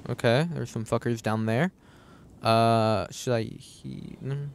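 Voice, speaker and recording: A young man streaming a game live, muttering to himself and cursing loudly at enemies. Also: mid-range voice, fairly even intonation, takes it slowly, gravelly, slight background noise. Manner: swears a lot, yells at enemies. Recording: game music behind voice.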